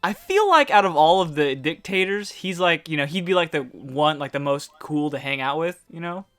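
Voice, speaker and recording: A man's voice: on the high side, animated, moderate pace, fairly bright tone, smooth, soft background music. A young man co-hosting a gaming podcast, rambling and laughing his way through casual chat. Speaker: podcast co-host.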